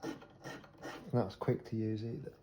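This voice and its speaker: Somewhat low and a bit slow, this man chats to camera as he works on restoring old hand planes, walking through every step in an easygoing way. His workshop is noisy with distinct scraping and rasping behind him.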